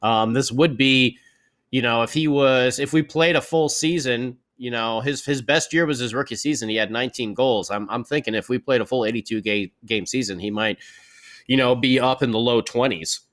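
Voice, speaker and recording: A man co-hosting a casual hockey podcast, talking through player stats in a measured way. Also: medium pitch, fairly bright tone. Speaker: podcast co-host. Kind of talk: casual hockey fan chat.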